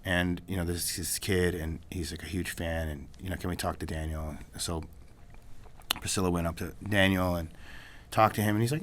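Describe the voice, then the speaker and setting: Male guest, low-pitched, loose and rambling anecdote teller. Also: fairly even intonation, normal speed, a bit bright, slight background noise. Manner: rambling, many restarts and "you know what I mean". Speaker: filmmaker guest. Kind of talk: casual storytelling in an interview.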